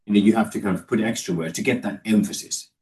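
Low mellow man teaching Scripture. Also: steady tone, quick pace, far from the mic, rough recording. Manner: discursive, explanatory. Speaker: Bible teacher. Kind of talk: Bible study lesson.

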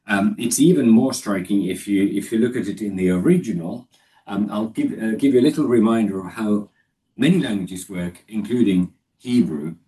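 A man's voice: on the low side, moderate pace, dark tone. A man giving a discursive, explanatory Bible study lesson, with the voice recorded from a distance. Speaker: Bible teacher.

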